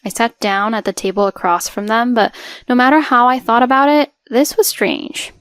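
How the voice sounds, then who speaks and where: A woman's voice: fairly high pitch, fairly even intonation, moderate pace, no echo, clean studio sound, soft background music. A woman in her twenties narrating a scripted first-person story in an earnest, hurt way. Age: 20s.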